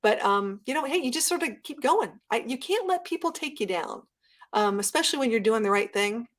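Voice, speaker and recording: A woman guest chatting casually in an interview, telling stories with lively acted-out quotes. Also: fairly high pitch, fairly quick. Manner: animated storyteller, acts out quotes. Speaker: guest YouTuber.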